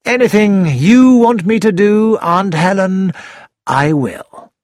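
A man's voice: sits high, expressive, takes it slowly, a little mellow, no room sound, studio quality, voice pushed up. A man voicing a teasing young man who mocks his relatives in a read-aloud story. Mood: mocking.

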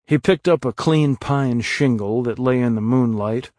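A man reading a story aloud as narrator, slow and measured. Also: medium pitch, darkish tone, dry recording, studio quality. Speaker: audiobook narrator. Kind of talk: scripted narration.

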